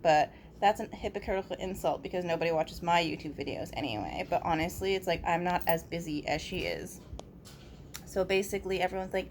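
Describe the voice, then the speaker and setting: A woman's voice: on the low side, steady tone, a little fast, slight background noise. A woman vlogger talking straight into her phone camera about a personal complaint, blunt and profane, leaning on fillers like "basically" and "like".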